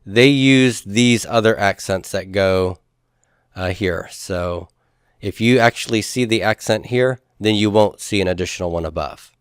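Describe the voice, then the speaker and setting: A man's voice: on the low side, measured pace, clean tone, no room sound, clean studio sound. A man teaching a Hebrew grammar class who explains each step patiently and puts questions to his students. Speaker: Hebrew instructor.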